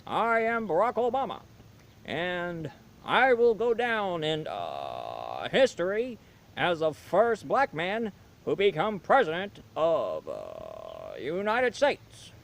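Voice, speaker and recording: A man doing a halting measured president. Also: high-pitched, huge pitch swings, gravelly, voice pushed up, full character voice. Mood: solemn. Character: male US president impression, measured orator.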